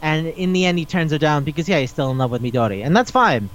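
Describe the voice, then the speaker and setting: Guy on a podcast rambling and cursing a lot, kinda high voice, muffled sound. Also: fast. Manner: animated, rambling, swears freely. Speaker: podcast co-host. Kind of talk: casual chat.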